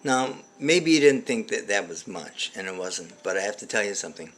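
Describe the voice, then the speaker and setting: Low-voiced man, halting deadpan comic. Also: faint music behind. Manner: halting, full of fillers and restarts. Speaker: comedy show host. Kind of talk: rambling deadpan comic monologue.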